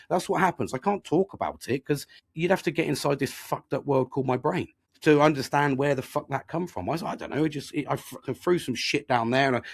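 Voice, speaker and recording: A man's voice: on the high side, creaky. A middle-aged man, talking candidly and rambling in a casual podcast monologue, swearing often and poking fun at himself. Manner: sweary, rambling, self-deprecating. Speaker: podcast host.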